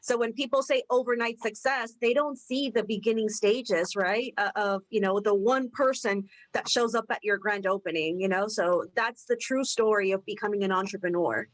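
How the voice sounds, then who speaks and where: A woman's voice: medium pitch, normal speed, hardly any pauses, rough recording. A woman co-hosting a podcast, reflecting on a guest's story and drawing a lesson from it. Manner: reflective, ties stories to a lesson. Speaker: podcast co-host.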